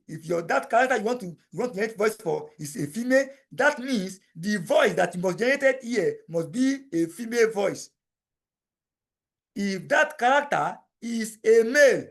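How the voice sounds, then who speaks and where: A man guides the viewer through a software tool step by step, speaking over a screen recording. He talks straight to the learner and circles back to repeat each instruction. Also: high-pitched. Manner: repetitive, step-by-step explaining, addresses viewer directly. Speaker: tutorial instructor.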